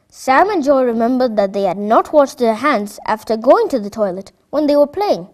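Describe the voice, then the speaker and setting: A woman narrating a children's story in a clear, expressive read-aloud voice. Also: fairly high pitch, moderate pace, few pauses.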